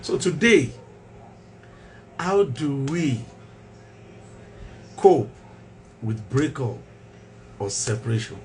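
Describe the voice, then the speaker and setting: A man hosts a mental health talk show in the role of a doctor. He speaks at a middling pitch and talks emphatically, driving points home with repeated phrases and rhetorical questions. Faint noise sits behind his voice. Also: big pitch swings, extremely slow, long pauses, a little mellow.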